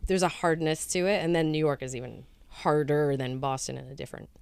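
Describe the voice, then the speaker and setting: A woman's voice: low voice, brisk, gravelly, clear, resonant tone. A woman in her thirties from Rhode Island, a guest actress telling stories in casual chat and acting out the quotes. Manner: animated storyteller acting out quotes.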